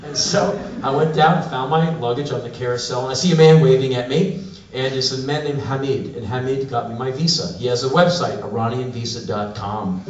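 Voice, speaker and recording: A man's voice: medium pitch, a little fast. A man in his forties tells a comic story on stage in a wry, sardonic voice. He is heard from a distance in a roomy live space. The sound is dull and lo-fi. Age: 40s. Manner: wry, animated, sardonic delivery. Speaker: spoken-word performer.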